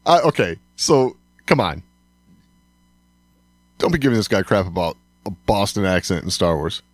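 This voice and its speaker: A man's voice: sits low, sing-song, normal speed, dry recording. A man co-hosting a podcast in casual chat, agreeable and laughing often. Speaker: podcast co-host.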